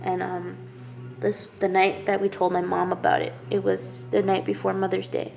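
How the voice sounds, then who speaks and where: Gravelly-voiced woman telling a hard story. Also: mid-range voice, monotone, a little mellow. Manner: halting and candid, many fillers and restarts. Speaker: vlogger. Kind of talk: personal storytelling to camera. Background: music playing.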